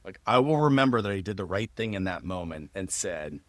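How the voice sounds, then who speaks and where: Low-voiced man telling a story. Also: a little fast, no room sound. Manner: lively anecdotal, laughs often. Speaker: podcast host. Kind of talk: casual storytelling conversation.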